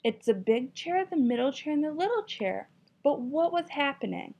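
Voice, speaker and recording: Expressive woman teacher reading a story aloud. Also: sits high, normal speed. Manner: expressive, encouraging questioning. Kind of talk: children's story reading and lesson. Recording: dull lo-fi recording.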